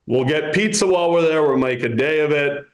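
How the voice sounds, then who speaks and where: A man's voice: on the high side, fairly quick. A man in his thirties performing a stand-up comedy set in a club, with a dry, self-mocking delivery. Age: 30s. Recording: roomy club echo.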